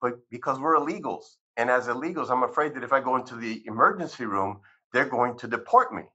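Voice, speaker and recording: A man recounting a worried, middle-aged father pleading for help over the phone. The voice stays bright and forceful, with an anxious, pleading edge. The sound is a little dull. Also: mid-range voice, lively intonation, brisk, breathy edge.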